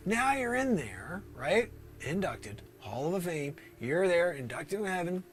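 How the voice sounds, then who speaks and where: Guy hosting an improv comedy stream, kinda high voice, all over the place, jumps to squeaky bits and whispers. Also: big pitch swings, measured pace, soft background music. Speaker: livestream comedy host. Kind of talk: improvised comedy monologue answering chat.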